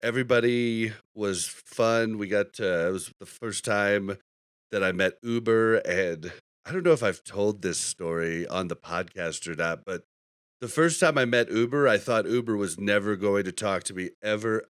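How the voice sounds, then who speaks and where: In a clean, dry studio recording, a man hosts a podcast, laughing a lot as he spins rambling stories in relaxed chat. His voice is lowish, clear, resonant and fairly bright, and he speaks at a moderate pace.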